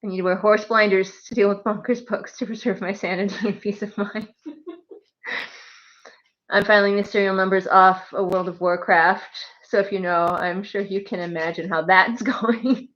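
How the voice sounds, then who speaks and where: A chatty woman streamer rambles casually from home and laughs a lot. Her voice sits at an everyday middle pitch. The audio is a bit muffled and lo-fi. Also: steady tone, normal speed, fairly bright tone. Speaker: streamer and writer. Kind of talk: casual chat on a birthday live stream. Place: home with pets.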